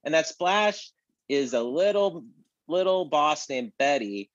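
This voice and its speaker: A man's voice: fairly high pitch, expressive, slow, no echo, muffled recording. A man co-hosting a casual chat about video games, rambling with many fillers and restarts. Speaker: podcast co-host. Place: apartment.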